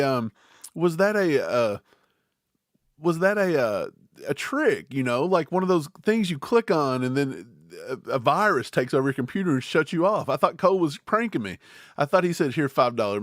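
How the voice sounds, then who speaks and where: A man hosting a casual livestream, talking in an animated, rambling way. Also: a little high, dry recording, studio quality. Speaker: livestream host.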